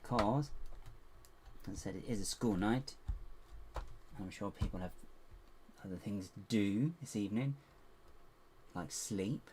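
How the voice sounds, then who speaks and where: A man's voice: animated, measured pace, pauses often, darkish tone, a little hiss or hum. Chatty man rambling while building. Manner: chatty, rambling self-talk with playful squeaky exclamations. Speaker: LEGO builder and channel host. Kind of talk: casual building vlog, talking to viewers.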